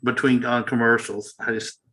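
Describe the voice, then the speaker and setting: A man's voice: medium pitch, level tone, normal speed, a bit bright. A man in a casual livestream chat, talking in a chatty, reminiscing way.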